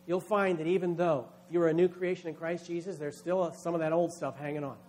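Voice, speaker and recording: A man's voice: on the high side, flat delivery, fairly quick, darkish tone. A man, a pastor, preaching a sermon with emphatic delivery, acting out quoted voices.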